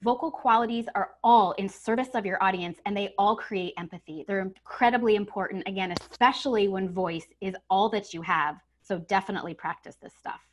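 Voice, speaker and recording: Speaking a little fast with few pauses, this communication trainer runs a voice-coaching webinar from a home setup over video call. She models each tip herself, emphasizing key words and swinging her pitch and volume.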